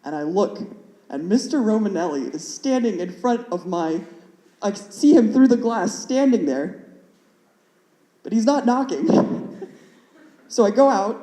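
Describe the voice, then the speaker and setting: A young woman tells a stand-up story in a rambling, fidgety way, with many "like" fillers. Her voice is mellow and dark, and it carries a roomy echo from a club stage. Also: medium pitch, expressive, measured pace, long pauses. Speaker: stand-up comedian. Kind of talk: stand-up comedy set.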